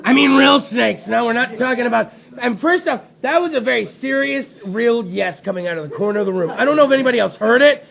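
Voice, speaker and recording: A man hosting a talk show, delivering a rowdy, profane comedic rant with loud outbursts. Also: extremely high pitch, lively intonation, fast talker, vocal fry, hardly any pauses.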